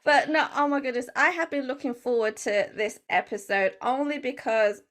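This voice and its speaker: Woman, podcast host, high voice, gushing, enthusiastic. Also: normal speed, fairly bright tone. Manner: gushing, effusive. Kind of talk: enthusiastic interview chat.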